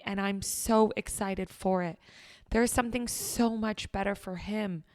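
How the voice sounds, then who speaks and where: A woman's voice: mid-range voice, fairly bright tone. A woman in her thirties hosting a podcast, telling a personal story in a casual motivational talk, emphatic and swearing casually. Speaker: podcast host.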